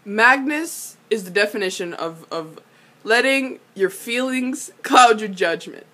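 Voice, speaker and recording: A young woman recapping a TV episode in a casual, animated way, exclaiming, swearing and laughing often. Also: mid-range voice, unhurried. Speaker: vlogger.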